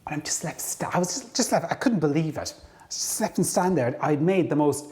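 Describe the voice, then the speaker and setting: Animated man telling a business story. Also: a little high, fairly quick. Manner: lively storyteller, acts out dialogue. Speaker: career coach. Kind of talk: storytelling to camera.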